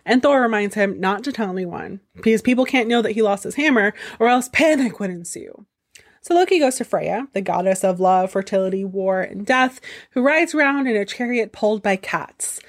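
A woman's voice: mid-range voice, lively intonation, normal speed. A woman telling an old myth for laughs, in an irreverent, profane manner full of wry asides. She sounds like the regular host of her own show. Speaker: storyteller host. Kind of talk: comedic mythology storytelling.

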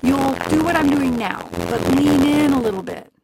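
A woman's voice: high voice, lively intonation, moderate pace, gravelly, heavy background noise, pitched above the performer's own voice. A woman voicing a cruel, bossy old witch who threatens and commands. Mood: impatient.

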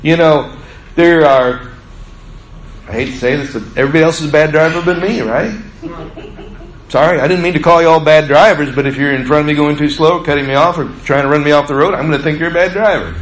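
Folksy preacher in an echoey church. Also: male voice. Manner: folksy storyteller, drawn-out emphasis, dips low on asides. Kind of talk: sermon. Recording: echoey room with faint ambience.

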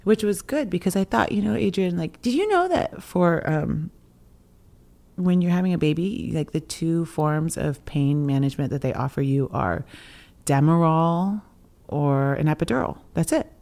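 A low-voiced young woman shares a personal story on a podcast, in a relaxed, chatty way. She is animated and breaks into laughter between phrases, acting out what others said. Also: moderate pace, vocal fry. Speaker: podcast co-host. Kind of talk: casual storytelling chat.

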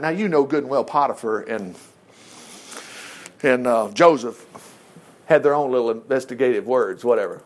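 A man's voice: mid-range voice, moderate pace, long pauses. A man teaching a Bible study, reading scripture aloud and breaking in with folksy exclamations and rhetorical questions.

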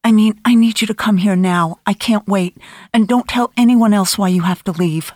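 A woman's voice: medium pitch, animated, measured pace, darkish tone, slightly rough, dry recording, studio quality. A woman voicing a frightened young woman who speaks with urgency in an audiobook reading. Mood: anxious. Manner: urgent, breathless pleading.

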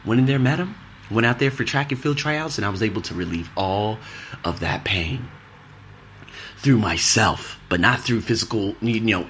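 Low-pitched man in his thirties, candid rambling storyteller, slight background hiss. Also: a bit bright. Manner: candid, rambling, many fillers. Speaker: podcast host. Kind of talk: personal storytelling monologue.

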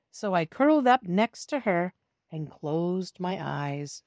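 A woman whose voice leans low reads a storybook for children, voicing a cat who narrates in first person and chats directly with young listeners. She reads slowly and expressively; the recording is studio quality without echo.

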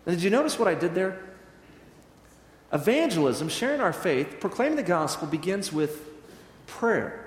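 A male minister preaching a sermon, his fairly high voice ringing through a roomy sanctuary. He tells the story with animation and acts out the dialogue. A long reverb trails every phrase. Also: very animated, normal speed. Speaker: Presbyterian minister. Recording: echoey church hall with long reverb.

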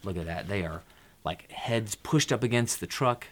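A man hosting, reading a children's picture book aloud, relaxed, dropping his voice for quiet asides between lines. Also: on the low side, moderate pace.

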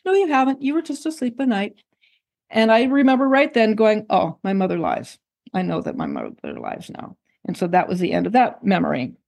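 An older woman, a guest on an interview show, recounting her own memories in a reflective, unhurried way. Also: a little high, a little mellow. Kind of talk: personal recollection in an interview.

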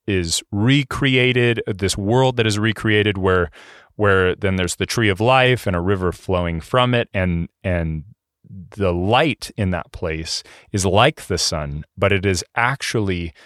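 Pastor, male, low-pitched, dry sound; talky sermon delivery with frequent ums and restarts. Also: a bit bright, dry recording. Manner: conversational preaching with many fillers and restarts.

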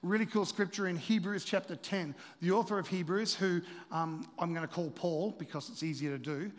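A middle-aged man giving a sermon as pastor, animated and playful, with asides to the congregation. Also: high voice, moderate pace. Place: church hall. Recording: reverberant hall.

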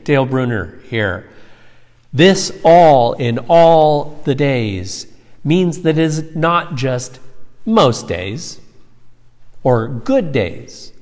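Slow-speaking male pastor with reverb. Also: medium pitch. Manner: emphatic, slowing and rising on key words. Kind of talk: sermon. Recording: long reverb.

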